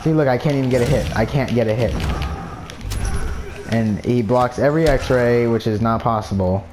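A man's voice: medium pitch, normal speed, noisy background. A man giving gameplay commentary, ranting in frustration and swearing under his breath. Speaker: gamer.

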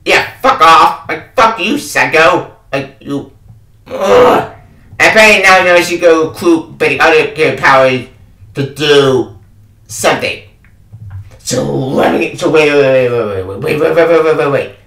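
A man's voice: fairly high pitch, unhurried, pauses often, fairly bright tone, distant mic. A man ranting about a game he reviews, exasperated and swearing, often repeating himself. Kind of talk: angry review rant. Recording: echoey room, away from the mic.

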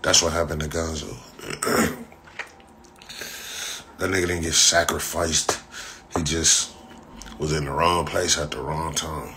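A man's voice: very deep voice, flat delivery, slow pace, pauses often, background noise. A young man from Inglewood, ranting casually on a livestream, profane, boastful and repetitive, often breaking into laughter. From Los Angeles, Inglewood. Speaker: livestream host.

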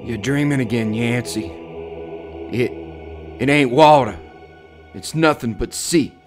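A feeble, dying castaway sailor, as a male narrator puts him on, muttering in a weak, faltering voice. He speaks slowly in a middle register, with faint music under the reading. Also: mid-range voice, close to an everyday voice. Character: feeble dying castaway sailor, grown man, weary and doubting.

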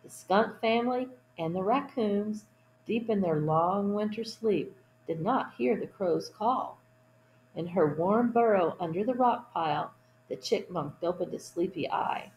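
A woman reading a children's picture book aloud at storytime, adding gentle asides to young listeners. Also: medium pitch, roomy sound, slight background noise, low-quality recording. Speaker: storytime reader.

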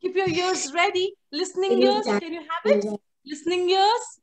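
A woman teaching an online phonics class to young children over a video call, coaxing them along with animated, sing-song prompts. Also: very high voice, moderate pace, slight background noise.

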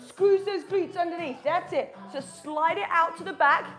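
Upbeat female fitness instructor, very high voice, encouraging live workout coaching over faint music. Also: moderate pace, fairly bright tone. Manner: upbeat, encouraging cues, chats to her dog. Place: home.

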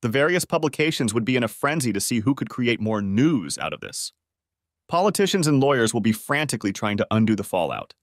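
Expressive man narrating a story. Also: mid-range voice, brisk, dry recording, clean studio sound. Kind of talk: first-person story reading.

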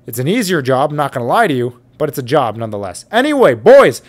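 A young man vlogging to a boom-armed mic with a pop filter, telling a story in a profane, exasperated rant. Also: lively intonation, quick pace. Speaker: YouTuber. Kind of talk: ranting storytime vlog. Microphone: studio mic on an arm with pop filter.

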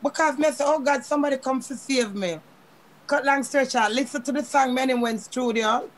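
A Jamaican woman, a guest, telling her story in lively patois and laughing as she goes. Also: a little fast. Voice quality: high, expressive, laughs while telling.

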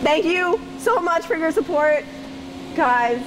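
A young woman reporter squeals in a very high voice, giddy and breathless, as she reports live. Clear park noise and traffic run behind her outdoors. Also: animated, slow pace. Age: 20s. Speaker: TV news reporter. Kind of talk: excited live report from a roller coaster.

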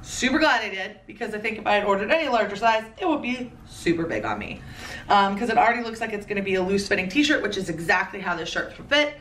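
A woman in her thirties chats playfully through a clothing haul, tossing in quick asides. Her voice is at an ordinary pitch for a woman. She is recorded a little away from the mic in a room with a clear echo and a faint ambient hiss. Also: sing-song, a bit bright, recorded from a distance. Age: 30s. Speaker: fashion vlogger. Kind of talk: casual haul commentary.

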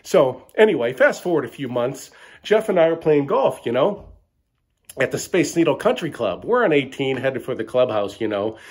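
A middle-aged man spins a mock-bragging comic tale in a swaggering bro manner, tossing in "right?" again and again. His voice is husky and his pitch jumps around a lot, while its height stays ordinary. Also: sing-song, moderate pace. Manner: boastful bro-ish, tags lines with "right?". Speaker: comedic storyteller.

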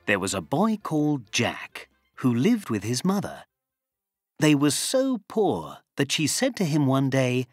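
A man narrating a children's storybook in an expressive, sing-song reading voice. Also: mid-range voice, a little slow, dry recording, clean studio sound, soft background music.

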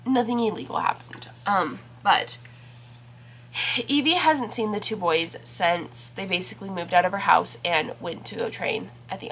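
A woman's voice: lowish voice, vocal fry, a bit bright. A woman chatting casually in a vlog about her week and her reading, talking in a rambling way with lots of fillers while congested and with a scratchy throat. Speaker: book vlogger.

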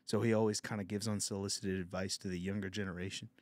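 A man's voice: low-pitched, little pitch movement, fast, darkish tone, no echo. A man hosting a podcast, telling a crude comedic story in casual talk and laughing often. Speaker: podcast host.

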